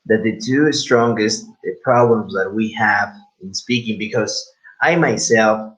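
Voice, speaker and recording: Halting Spanish-accented man teaching. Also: fairly low pitch, fairly bright tone. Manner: halting, repeats words, many fillers. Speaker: English pronunciation teacher. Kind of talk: live class instruction. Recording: dull lo-fi recording.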